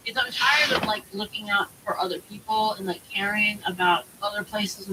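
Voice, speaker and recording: A woman's voice: mid-range voice, fairly even intonation, moderate pace, hardly any pauses. An American woman streamer in casual chat, ranting heatedly and swearing a lot, with many fillers. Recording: distant mic with faint hiss.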